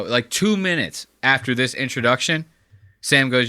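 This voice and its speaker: A man hosting a reaction commentary, talking over a clip with profane, animated riffs. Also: medium pitch, normal speed, clear, resonant tone, no echo, studio quality. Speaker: commentary host.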